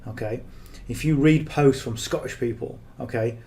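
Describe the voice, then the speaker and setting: A man talks through marketing advice off the cuff, blunt and earnest. His voice is mellow and rather dark, at an ordinary pitch. He keeps tagging his points with "okay?". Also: normal speed, gravelly. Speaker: affiliate marketing coach. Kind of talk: casual unscripted coaching talk.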